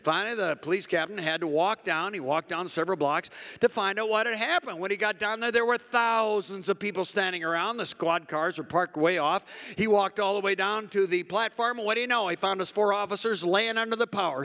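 High, bright-voiced fervent male preacher. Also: brisk, hardly any pauses, long reverb tail. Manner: animated, builds to shouted fervor; calls out to the audience for applause. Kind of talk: sermon storytelling to a congregation.

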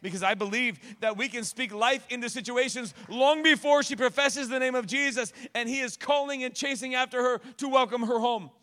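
A male pastor tells a story from the pulpit with a high, bright, forceful voice. His delivery is animated and slips in wry joking asides. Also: a little fast, few pauses, in a large hall. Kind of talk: storytelling sermon.

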